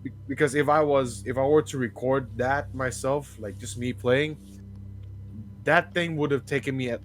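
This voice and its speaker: A man's voice: medium pitch, steady tone, moderate pace, soft background music, rough recording. Stammering sick man chatting about games. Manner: stammering, repeats words while searching for them. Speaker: co-commentator. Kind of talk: casual gaming chat.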